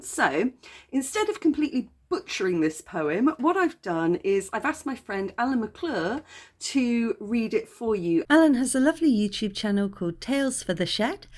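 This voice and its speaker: An English woman chatting about books in a casual explanatory way, with frequent ums and self-corrections. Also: mid-range voice. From England. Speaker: book vlogger.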